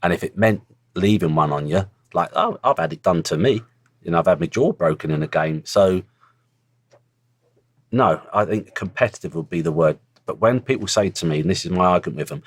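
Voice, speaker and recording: Man, middle-aged, very deep, dry close mic, earthy and blunt. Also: fairly quick, slightly rough, no echo. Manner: blunt, earthy storytelling with swearing. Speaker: former footballer, guest. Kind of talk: casual interview chat.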